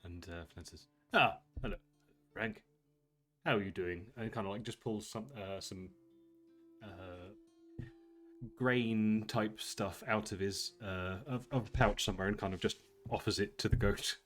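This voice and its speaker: A man narrating a tabletop game as game master, in a casual, halting way with lots of fillers. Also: on the low side, faint music behind.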